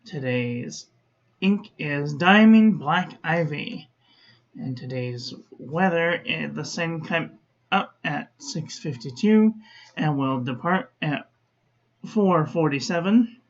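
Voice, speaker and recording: Brief: woman host, unhurried chatty ink review, dull lo-fi home audio. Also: low-pitched, lively intonation. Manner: chatty, self-correcting, talks to viewers.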